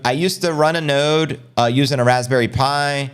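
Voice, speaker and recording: A middle-aged American man hosting a casual crypto livestream, energetic and slangy, reading and answering viewer comments. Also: mid-range voice, clean tone. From United States. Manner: energetic, fast-paced, slangy.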